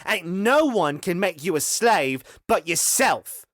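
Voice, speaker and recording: A man voicing a fierce, foul-mouthed young woman fighter who shouts roughly and scornfully. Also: high voice, sing-song, slow, dry recording, clean studio sound, voice pushed up, full character voice. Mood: scornful shouting.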